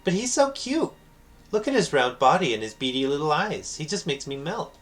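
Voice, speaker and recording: A man voicing a gentle, naive young woman in a soft, gushing tone. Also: a little high, very animated, moderate pace, voice pushed up.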